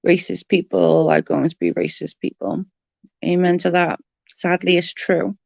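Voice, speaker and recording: A woman's voice: lowish voice, level tone, normal speed, creaky, a little mellow, no room sound. A woman with a Welsh accent chatting casually on a live stream, greeting viewers by name in an earnest, emotional way. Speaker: livestream host.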